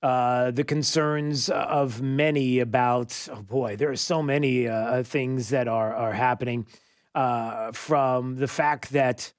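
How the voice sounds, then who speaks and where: A male talk radio host giving an animated monologue full of fillers and sarcastic asides. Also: mid-range voice, slow, no room sound, clean studio sound.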